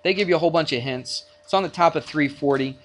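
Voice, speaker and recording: A man's voice: a little high, fast talker, a little hiss or hum. Chatty male math teacher. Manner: chatty, jokey, bantering with students. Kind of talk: classroom lecture. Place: classroom.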